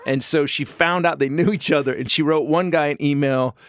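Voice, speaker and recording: A man, a comedian guest, telling a personal story candidly on a talk show, emphatic and acting out quotes with sudden pitch jumps. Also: steady tone, fairly quick, a bit bright, dry recording, clean studio sound.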